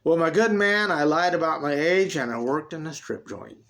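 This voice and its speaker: A man's voice: fairly high pitch, animated, a little slow. A man voicing a saucy, defiant young redheaded woman who is also a tender, consoling mother. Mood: sassy. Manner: sassy, later soft and consoling.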